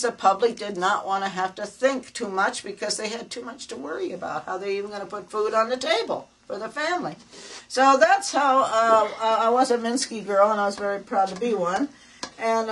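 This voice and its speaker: A woman's voice: medium pitch, recorded from a distance, rough recording. An older woman, a former burlesque dancer, telling rambling stories on a guided tour and laughing as she talks. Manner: rambling anecdotal, laughs while talking.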